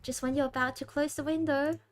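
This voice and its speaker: A woman streamer playing a horror dating game, reading its text aloud with animated, dramatic reactions. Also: high voice, brisk, noisy background.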